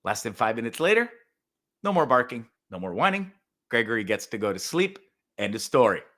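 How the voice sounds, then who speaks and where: A man hosting his own show, telling a story in a profane, animated rant with sudden loud outbursts. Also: mid-range voice, a little fast. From Canada. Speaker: podcast host. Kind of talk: casual ranting monologue.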